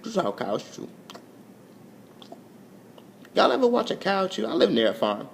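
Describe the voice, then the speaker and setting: A young man rambles through an overtired late-night vlog, his voice gravelly with fry. He talks goofily and lets his pitch swoop up and down. A faint low rumble sits under the home phone recording. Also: big pitch swings, moderate pace. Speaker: vlogger.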